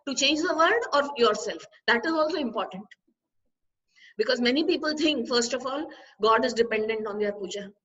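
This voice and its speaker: A woman, a spiritual teacher, giving an expressive discourse full of rhetorical questions to her listeners. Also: high-pitched. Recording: distant, slightly dull recording.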